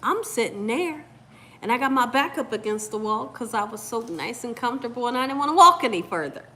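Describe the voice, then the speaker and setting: Give me a bright, expressive woman telling a story casually to her viewers. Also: fairly high pitch, a little fast. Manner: animated, addresses viewers as "y'all". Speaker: cooking channel host.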